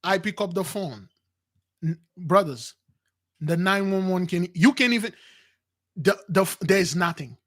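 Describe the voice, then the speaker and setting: A man's voice: high voice, a little slow, pauses often. A man telling a dramatic personal story to his listeners, acting out the quotes, with repeats and restarts. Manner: animated retelling with acted quotes, addresses "brothers"; non-standard grammar, repeats and restarts. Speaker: spiritual channel host.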